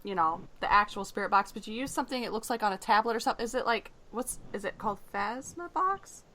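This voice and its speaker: A woman's voice: mid-range voice, lively intonation, quick pace, pushed and bright. A woman hosting a radio interview, chatting casually and agreeing often with her guest. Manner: chatty, agreeable, frequent backchannel affirmations. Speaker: radio show host.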